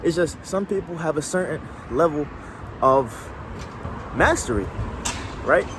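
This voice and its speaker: A man's voice: a little high, lively intonation, measured pace, noisy background. A man telling a casual story to camera, slangy and rambling, often restarting his sentences. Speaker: vlogger.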